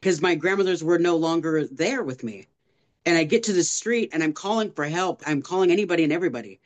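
A woman recounts a deeply personal testimony to a podcast host. She tells it earnestly, with lively, animated retelling and the odd laugh along the way. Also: quick pace. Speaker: guest.

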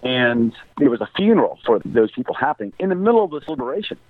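Speaking fast in a sing-song, mid-range voice, an American aid worker in middle age shares a story while being interviewed. The dry recording comes through a tinny, phone-like line, and he is earnest and devout, praying aloud at points.

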